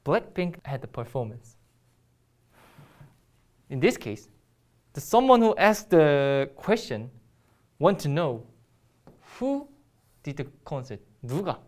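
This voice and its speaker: A woman's voice: low voice, very animated, slow, long pauses, a little mellow. A woman with a Korean accent teaching a Korean grammar lesson in English, explaining step by step with frequent ums and restarts.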